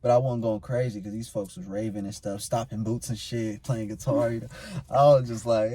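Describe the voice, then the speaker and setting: A man's voice: mid-range voice, steady tone, moderate pace, dark tone. A young adult man, a guest in a casual chat, telling stories in a laid-back, slangy way.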